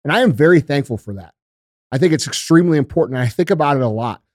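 Young male host, emotional and earnest, average pitch, dry close sound. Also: animated, fast talker, darkish tone, no echo. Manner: passionate, earnest, swears for emphasis. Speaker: show host. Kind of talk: heartfelt monologue to viewers.

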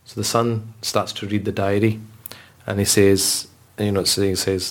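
This religious scholar has a fairly low, flat-sounding voice and talks at a normal speed. In a podcast conversation he tells stories earnestly, often stopping to start over.

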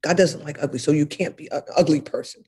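Older woman guest, husky voice, earnest and emphatic, repeats herself, laughs a bit. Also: low voice, fast talker, mellow. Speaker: interview guest, author. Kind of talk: reflective interview conversation.

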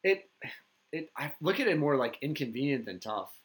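A man's voice: on the high side, sing-song, normal speed, fairly bright tone. A man hosting a podcast, talking frankly and profanely in casual chat about his home life. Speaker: podcast host.

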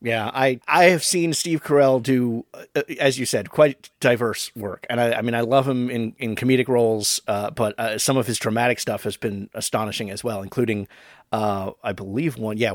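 Measured male podcast host, dry mic. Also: mid-range voice, fairly even intonation, no room sound. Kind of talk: casual film discussion.

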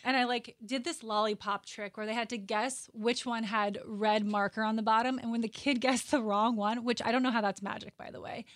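A young adult woman hosting a casual interview, bubbly and teasing, quick to laugh. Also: a little high, fairly even intonation. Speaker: talk show host.

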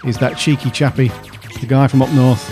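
A man's voice: mid-range voice, fairly even intonation, fairly quick, a little mellow, soft background music. A man hosting a casual podcast, chatty and jokey with plenty of slang. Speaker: podcast host.

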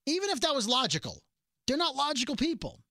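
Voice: sits high, fast talker, no room sound, clean studio sound. A podcast co-host giving a casual, sarcastic recap of a TV episode, acting out the characters' lines as they go. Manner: sarcastic, animated retelling of scenes.

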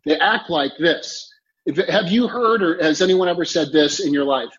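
A man speaks as a time coach in an interview, hammering home his points with emphatic repetition. His voice sits a little high, and the audio sounds muffled and lo-fi, like a remote connection. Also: lively intonation, normal speed. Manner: emphatic, repeats key phrases, coaching tone. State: clearing throat, choked up. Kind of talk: motivational interview talk.

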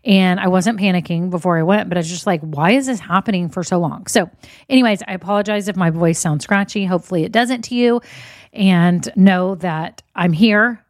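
Upbeat woman host, slightly scratchy voice, lower register, dry close-mic read. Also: dry recording. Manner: chatty, upbeat, encouraging. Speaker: podcast host. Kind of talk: casual podcast chat.

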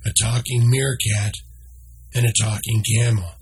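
A man narrating a children's story in a slow, measured read-aloud style. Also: on the low side, fairly even intonation, breathy edge.

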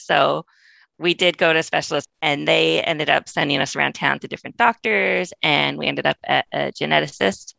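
Low-pitched with noticeable vocal fry, a woman speaks in a dry recording as a podcast interview guest. Her long personal anecdote comes out fast and chatty, full of laughs and lively impressions of the people she quotes.

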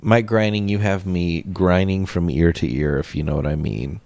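A man co-hosting a comedy podcast, joking in a dry, deadpan way. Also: low voice, moderate pace, creaky, no echo. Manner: deadpan, dry jokey delivery. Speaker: podcast co-host. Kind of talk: casual comedic chat.

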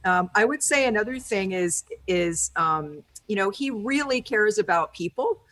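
A woman with a medium-pitched, fairly bright voice talks at a moderate pace and with plenty of expression. She's a guest on a conversational interview, a teacher of personality types, explaining things thoughtfully and chattily with many fillers and an easy laugh.

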